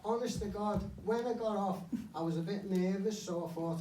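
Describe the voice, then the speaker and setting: Blunt, sweary comedian on stage. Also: male voice, high voice, normal speed, mellow, a little hiss or hum. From Liverpool area. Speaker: stand-up comedian. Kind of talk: live stand-up set. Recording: echoey club from far off. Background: audience laughter.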